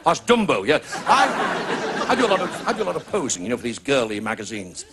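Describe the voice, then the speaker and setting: A man with a Northern English accent doing a stand-up comedy routine in rapid, excitable patter. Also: a loud crowd, heavy background noise. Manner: rapid, excitable patter with big pitch swings. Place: TV studio with live audience. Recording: 1980s TV broadcast, loud audience laughter.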